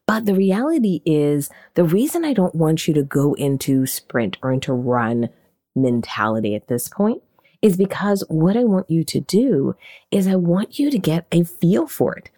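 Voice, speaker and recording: A woman hosting a podcast, teaching in an animated, conversational way and often asking questions aloud. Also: low voice, moderate pace. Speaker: podcast host and marketing coach. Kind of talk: casual teaching monologue.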